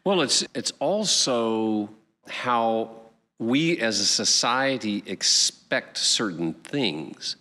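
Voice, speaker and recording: A man hosting a podcast interview, speaking encouragingly with hesitant pauses. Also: mid-range voice, expressive, big-room sound. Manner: slow, warmly encouraging, with hesitant "uh"s. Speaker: podcast host. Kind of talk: interview questions.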